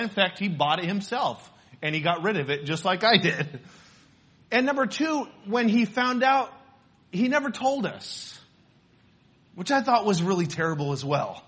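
A male preacher delivers a sermon in a chatty, storytelling way. His voice sits high and bright with a husky grain. He keeps turning to the congregation with questions. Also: big pitch swings, moderate pace. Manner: conversational, asks the congregation questions. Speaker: pastor.

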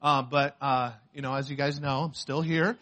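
A man, a pastor, preaching a sermon and telling a story from his own life in an animated way. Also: mid-range voice, moderate pace. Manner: animated storytelling, shouts when acting out pain.

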